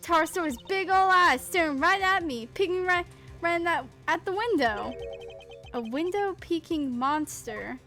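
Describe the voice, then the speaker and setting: A woman's voice: extremely high pitch, lively intonation, normal speed, bright, forceful tone, soft background music, full character voice. A woman voicing a brash, folksy female photographer in a put-on Southern drawl, slangy and pushy. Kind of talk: game voice-acting.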